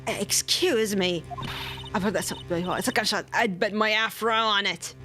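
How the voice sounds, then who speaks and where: A woman's voice: mid-range voice, normal speed, close to an everyday voice. A woman voicing a brash, nosy Southern photographer with a put-on Southern accent, over game music. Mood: folksy. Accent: attempted Southern US.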